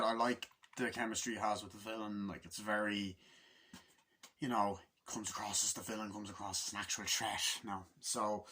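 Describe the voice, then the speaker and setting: A man's voice: fairly low pitch, pushed and bright, slight background noise. A man giving a casual, rambling movie review, swearing constantly and acting out scenes in quoted voices.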